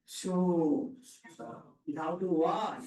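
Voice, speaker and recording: A man's voice: high-pitched, drawn-out words, darkish tone. Guy teaching a coding class, keeps firing short questions at students, sounds far off in a roomy hall. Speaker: programming instructor. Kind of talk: classroom lecture with call-and-response. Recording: echoey room, speaker off-mic.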